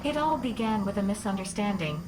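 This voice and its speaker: A woman voicing a calm female station AI that narrates the game's story in an even, measured way. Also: mid-range voice, background noise, lightly acted. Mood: wry. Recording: game audio over music. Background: game music.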